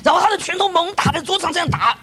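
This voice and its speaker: A man telling his own story as a testimony, pausing for an interpreter, animated and laughing as he acts out the scenes. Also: extremely high pitch, slight background noise.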